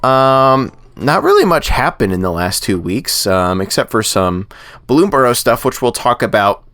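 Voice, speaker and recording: A man hosting a casual podcast, chatty and animated, with plenty of filler words. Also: mid-range voice, normal speed, no room sound. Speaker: podcast host.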